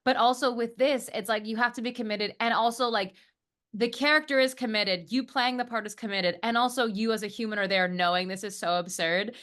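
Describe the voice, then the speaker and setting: A woman's voice: fairly high pitch, a little fast, a bit bright. A young woman in casual podcast chat, rambling with many restarts as she describes her work in a stage show. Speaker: cast member of the musical.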